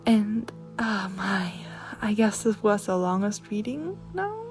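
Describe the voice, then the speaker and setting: A young woman giving a channeled spiritual reading, speaking slowly and gently and often slipping into a soft whisper. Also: mid-range voice, big pitch swings, faint music behind. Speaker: intuitive card reader.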